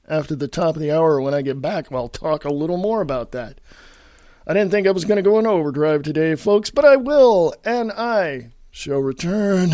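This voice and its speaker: A man's voice: high-pitched, big pitch swings, moderate pace, no echo, clean studio sound. A man from California hosting a political talk radio show, ranting angrily and swearing. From California, USA. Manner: angry, shouting, profane.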